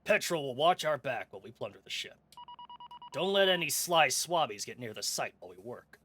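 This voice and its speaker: Brash raider captain giving a loud mission briefing with some pirate slang, a man putting it on over his own voice. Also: medium pitch, sing-song, a little fast, a little hiss or hum. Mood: commanding. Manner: loud, upbeat briefing with half-hearted pirate talk. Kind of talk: voicing game dialogue on a stream.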